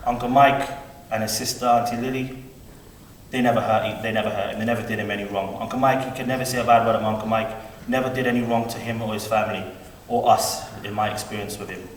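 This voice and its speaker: A man's voice: fairly low pitch, steady tone, fast talker. A man giving a rambling, heartfelt eulogy for his uncle, heard from a distance at a funeral service. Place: large hall at a funeral service. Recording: echoey hall, heard from afar, faint room noise.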